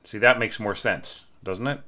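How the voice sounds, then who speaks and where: A man with a somewhat low voice and a bright, forward tone teaches orchestration in a relaxed way at normal speed. Talking casually over a score, he sings bits of the music and keeps asking his listeners "right?".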